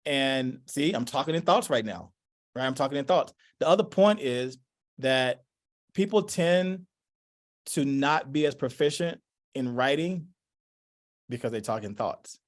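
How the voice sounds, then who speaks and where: A man leading a parenting workshop, talking in loose, animated thoughts and acting out quotes as he answers questions. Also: mid-range voice, unhurried, pauses often. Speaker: workshop presenter. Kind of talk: lively workshop talk. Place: workshop room.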